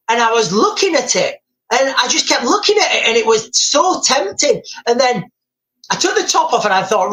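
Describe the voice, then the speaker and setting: A man's voice: extremely high pitch, very animated, normal speed, bright, forceful tone, poor audio. Rambling man hosting a live stream. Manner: rambling storyteller, addresses viewers as guys, many restarts. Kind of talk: casual live stream chat.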